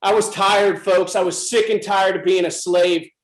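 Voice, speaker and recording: A man's voice: sits high, fairly even intonation, moderate pace, reverberant, poor audio. A middle-aged American man giving an intense, emphatic personal talk to a club audience. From USA. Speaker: speaker at a club presentation.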